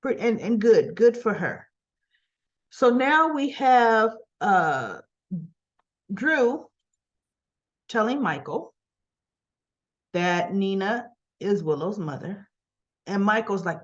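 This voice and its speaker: A woman's voice: medium pitch, lively intonation, takes it slowly, long pauses. Woman vlogger, mid-range voice, chatty recap style that acts out the characters' lines, slightly dull lo-fi audio. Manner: retells scenes by quoting characters, with many restarts and "right?". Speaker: soap opera recap vlogger. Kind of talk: casual chatty episode recap.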